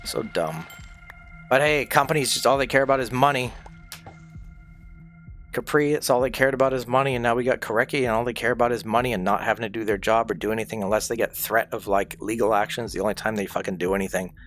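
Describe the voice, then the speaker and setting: A man's voice: mid-range voice, fast talker, fairly bright tone, soft background music. A man who is a streamer, ranting in casual, profane talk during a game stream. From not from the United States.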